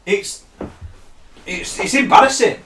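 A man's voice: high-pitched, slow pace, a crowd in the background. A man, ranting bluntly and swearing a lot in casual chat. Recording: echoey room.

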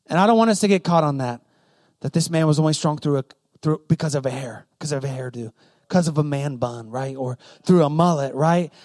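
A man's voice: on the high side, brisk, a little mellow. A young man preaching a sermon to youth, emphatic and repetitive, checking in with the crowd with "right?".

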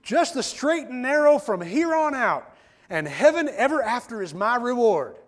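A man doing a giddy, simple-minded fellow with a thick drawl, his voice jumping up high and loud. He sounds freshly baptized and overjoyed, stretching his words out slowly. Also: very animated.

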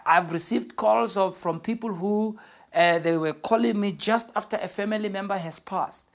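A woman pastor preaching a sermon in an earnest, emphatic way, slowing down to stress key phrases. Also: mid-range voice.

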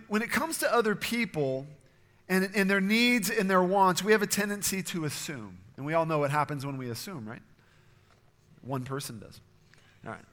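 Earnest male pastor, high and bright, reverberant hall sound. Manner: earnest preaching, acts out quoted voices. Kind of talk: sermon.

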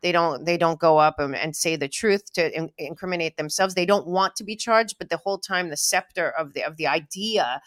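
Emphatic lower-pitched woman host. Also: a little fast, hardly any pauses, fairly bright tone, no room sound, studio quality. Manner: emphatic, builds to high, intense peaks. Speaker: podcast host. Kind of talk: political chat.

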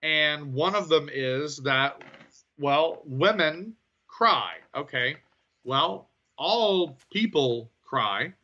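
A man co-hosting a podcast, talking through his thoughts on wrestling in a thoughtful, hesitant way with many pauses. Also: a little high, expressive, sharp tone, dull audio. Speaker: podcast co-host. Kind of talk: casual wrestling review chat.

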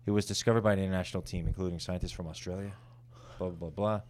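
Young man, podcast co-host, laid-back, stumbles reading aloud, low voice. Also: steady tone, racing, darkish tone. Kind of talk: casual chat.

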